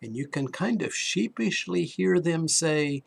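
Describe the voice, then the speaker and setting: Male preacher, slightly high gravelly voice, slow and earnest, questioning sermon delivery. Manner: earnest, questioning, repeats words when starting sentences.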